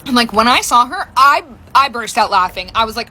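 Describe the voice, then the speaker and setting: A woman with a high, bright voice that swoops all over as she tells a story about her kid. She is animated and keeps laughing through it. It sounds like casual storytime. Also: fast, few pauses, a little hiss or hum. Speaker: mother telling a story.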